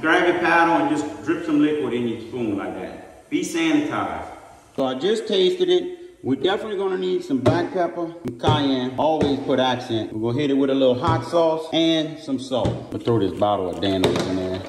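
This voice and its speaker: A man's voice: medium pitch, expressive, normal speed. A man hosting a casual cooking demonstration, chatting folksily and straight to the viewers while filming on a handheld phone. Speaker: cook and host. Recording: roomy distant sound, faint background noise.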